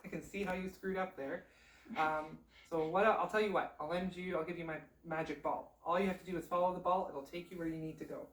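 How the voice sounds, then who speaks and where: A woman's voice: on the low side, fairly even intonation, fairly quick, natural voice. A woman doing a wry old man. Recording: roomy, distant mic.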